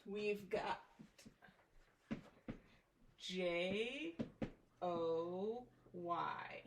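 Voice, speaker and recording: A woman reading teacher giving a one-on-one phonics lesson, prompting clearly and patiently. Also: fairly low pitch, very slow. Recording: roomy, distant mic with faint noise.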